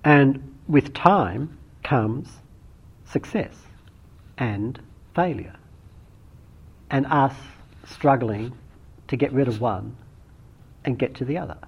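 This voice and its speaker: A husky-voiced man gives a dharma talk as a meditation teacher, thoughtful and unhurried, often circling back to restart a phrase. His voice sits at an ordinary middle pitch. The recording is dull and lo-fi. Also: lively intonation.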